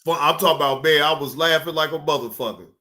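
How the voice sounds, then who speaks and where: A man hosting a livestream, giving casual reaction commentary in an animated, repetitive, teasing way. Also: fairly high pitch, fast talker. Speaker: livestream host.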